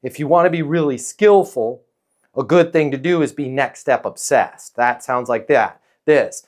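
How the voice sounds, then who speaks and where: Calm man coaching leasing staff. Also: medium pitch, moderate pace. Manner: coaching, peppered with "okay?" and "right?" tags; calm, neutral, non-pushy tone. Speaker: leasing sales trainer. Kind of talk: casual training talk.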